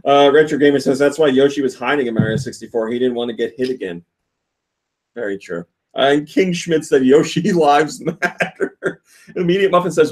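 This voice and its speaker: A man's voice: medium pitch, expressive, moderate pace. A man hosting a casual podcast, reading listener comments aloud and laughing often. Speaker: podcast host.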